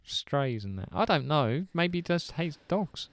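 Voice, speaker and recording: A man's voice: on the high side, very animated, measured pace. A man co-hosting a podcast in casual banter, answering quiz questions with dry, laconic quips. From England. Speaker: podcast co-host, quiz contestant.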